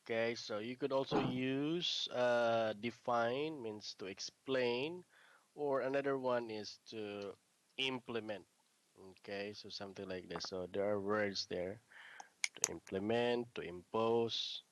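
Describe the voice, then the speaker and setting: A man teaching a one-on-one English lesson, patiently correcting his student's words and often clearing his throat. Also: medium pitch, slow, no echo. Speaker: English tutor.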